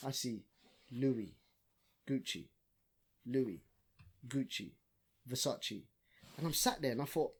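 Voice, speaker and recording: A man's voice: medium pitch, slow pace, long pauses, husky. A young man, a podcast guest ranting in casual chat, swearing and saying bro a lot. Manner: animated, swears a lot, says bro often.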